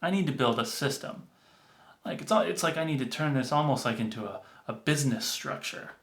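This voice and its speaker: A determined little boy, as a man puts him on plots out loud in an earnest, quick voice. He sounds close to a grown man's ordinary talk, set in an echoey room. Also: medium pitch, gravelly. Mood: scheming. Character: eager, determined young boy seeking approval. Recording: roomy echo.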